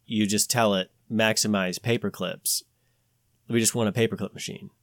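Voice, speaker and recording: Male podcast host, low voice, dry sound; chatty, restless, restarts his sentences. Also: fast talker, gravelly, dry recording. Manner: rambling, animated, many restarts and "like" fillers. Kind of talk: casual podcast chat.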